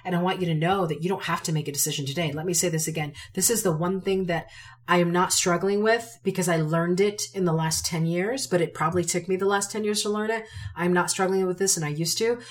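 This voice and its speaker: A woman's voice: on the low side, steady tone, fast talker. A woman hosting a solo podcast, talking candidly and emphatically, repeating phrases to drive her points home. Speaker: podcast host.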